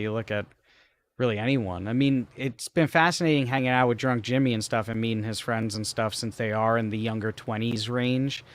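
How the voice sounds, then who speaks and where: A man's voice: medium pitch, a bit bright, smooth. A man co-hosting a podcast in casual chat, rambling and hesitant, often trailing off mid-thought. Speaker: podcast co-host.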